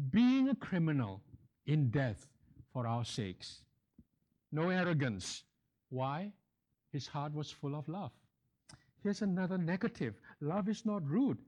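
A man's voice: fairly high pitch, a little mellow. A man preaching a sermon, emphatic and repeating key phrases for weight.

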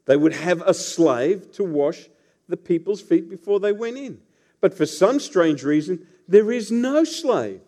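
A man's voice: high-pitched, dark tone. A man preaching a sermon as pastor, telling the story with playful asides to the congregation.

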